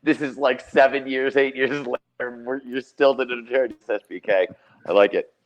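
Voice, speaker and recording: A man's voice: mid-range voice, fairly even intonation, moderate pace, muffled recording. A man hosting an online panel in casual chat, teasing and friendly. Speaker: host.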